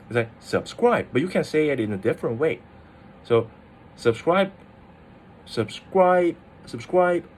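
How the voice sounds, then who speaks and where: A man's voice: mid-range voice, a little hiss or hum. A young man who is a native Chinese speaker gives a casual, chatty video lesson on tones, laughing often and playing with his voice. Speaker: Chinese tutor.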